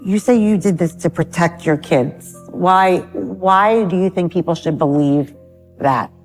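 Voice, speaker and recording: Low-voiced woman asking probing questions. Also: measured pace, soft background music. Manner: direct and probing. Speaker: interviewer. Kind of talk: documentary interview questions.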